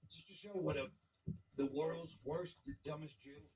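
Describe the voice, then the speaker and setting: A man guesting on a radio show as a comedian, firing off rapid mocking insults. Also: on the high side, darkish tone, poor audio. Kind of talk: radio banter.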